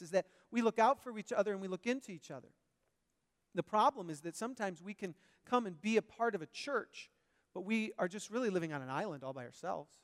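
A male pastor preaching a sermon, animated, swinging between loud emphasis and quiet asides. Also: sits high, big-room sound.

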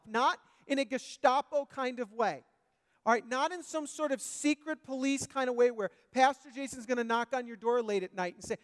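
A male pastor preaching a sermon, animated, swinging between loud emphasis and quiet asides. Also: extremely high pitch, in a large hall.

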